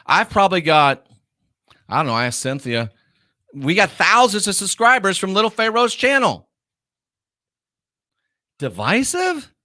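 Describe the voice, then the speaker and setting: A man rants loudly into the mic with a bright, forceful voice, pitched a little high for a man. He jeers with heavy profanity, then drops to low mutters. The sound is close and dry. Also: no echo. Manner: loud, profane, mocking, swings from shouting to low muttering. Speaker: commentary host. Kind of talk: ranting reaction commentary.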